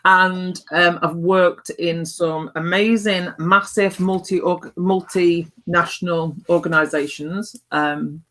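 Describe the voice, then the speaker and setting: A middle-aged woman talking as a guest on a talk show, blunt and down-to-earth, with mild swearing and hearty laughs. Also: fairly low pitch. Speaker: guest, life coach. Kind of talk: casual chat.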